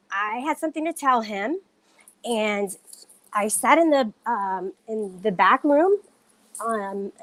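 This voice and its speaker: A woman's voice: fairly high pitch, no echo. A woman on a casual livestream, talking straight to viewers in an indignant, defensive way, stressing her denials.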